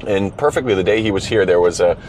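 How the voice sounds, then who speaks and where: A man's voice: deep voice, fast, a little mellow, slight background noise. A man hosting a casual conversation, telling a story animatedly with plenty of fillers and restarts. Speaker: host. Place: car driving through a city.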